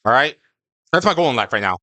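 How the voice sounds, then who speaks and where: A man's voice: mid-range voice, big pitch swings, fast talker, sharp tone, dry recording. A young man streaming live, chatting casually with his viewers in a rambling, stammering way, often tagging his lines with "okay?".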